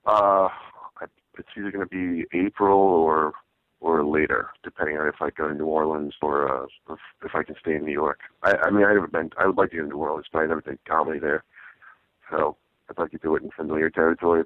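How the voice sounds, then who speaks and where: Deep-voiced comedian on a tinny line. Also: male voice, fairly even intonation, no room sound. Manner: halting, with many restarts and fillers. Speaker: stand-up comedian guest. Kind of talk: casual interview chat. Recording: dry, tinny phone-like sound.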